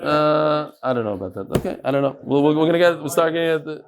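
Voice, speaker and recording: Joking, lively man teaching a Talmud class. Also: on the high side, fast. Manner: lively, joking, switches between English and Hebrew-Aramaic terms. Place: study hall with a live audience.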